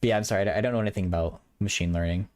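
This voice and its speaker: A man's voice: lowish voice, rapid-fire, a little mellow, no room sound. A young man hosting a livestream, chatting casually with viewers, stuttering and repeating words, from a small apartment bedroom. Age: young adult. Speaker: livestream host.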